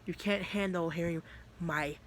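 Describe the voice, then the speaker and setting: A man voicing a menacing male demon who possesses a boy, speaking slowly in a cold, taunting way. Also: on the high side, fairly even intonation, a bit bright, a little hiss or hum.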